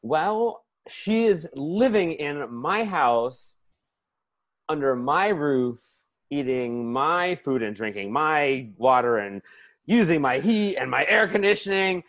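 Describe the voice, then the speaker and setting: Sarcastic, griping husband, voiced by a man, lively pitch. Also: takes it slowly, exaggerated voice. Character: fed-up, petty husband Greg. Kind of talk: improv comedy podcast.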